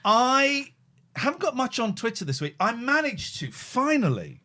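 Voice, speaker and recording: A man hosting a live stream, animated and sweary, easily wound up. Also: extremely high pitch, normal speed. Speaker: host. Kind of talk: casual live-stream chat.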